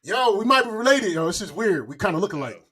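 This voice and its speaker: Young man from Florida, podcast co-host; rowdy, joking delivery, voice sits a bit high. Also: sing-song, quick pace, slightly rough. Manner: loud, joking, breaks into improvised raunchy song. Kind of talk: casual comedic chat.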